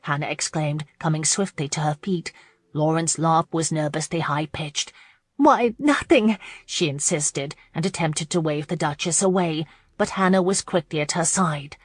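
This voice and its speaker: A woman's voice: deep voice, steady tone, normal speed, no room sound. Woman narrating a romance audiobook.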